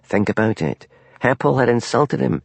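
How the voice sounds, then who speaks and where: A man's voice: medium pitch, expressive, normal speed, gravelly, slightly rough, no room sound, pitched above the performer's own voice. A man voicing a blunt, crude, hard-drinking male police detective.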